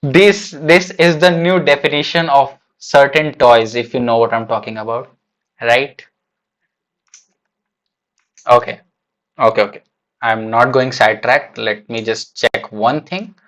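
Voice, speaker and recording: A man's voice: medium pitch, fairly even intonation, measured pace, pauses often, a bit bright. A man streaming a live reaction, thinking aloud in a casual, hesitant way with lots of fillers and restarts. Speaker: streamer reacting to a manga chapter.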